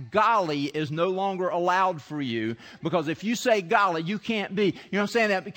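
In a big church sanctuary full of long reverb, a high-voiced preacher delivers a lively sermon. He acts out scripture scenes and keeps restarting sentences while building each point.

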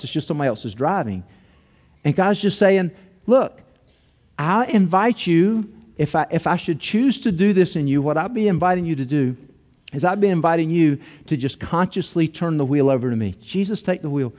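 A man's voice: fairly high pitch, darkish tone, in a large hall. A man preaching a conversational sermon, acting out quotes and asides. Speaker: pastor.

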